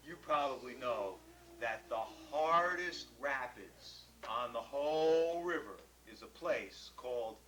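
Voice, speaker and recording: Lively folksy male storyteller. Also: on the high side, a little hiss or hum, rough recording. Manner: animated, chuckles at his own impressions. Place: library event.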